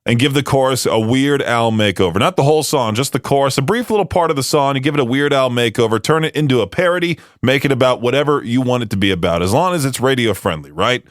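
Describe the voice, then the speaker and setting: A man's voice: mid-range voice, expressive, quick pace, hardly any pauses, no room sound. A man hosting a radio show in a studio, chatting casually with lots of fillers and self-deprecating asides. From United States. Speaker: radio host.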